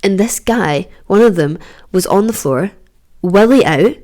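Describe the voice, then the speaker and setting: A young Scottish woman in her twenties hosting a podcast, telling stories in a casual, animated way, swearing freely and laughing as she acts out other people's lines. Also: medium pitch, measured pace. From Scotland. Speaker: podcast host. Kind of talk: casual storytelling monologue.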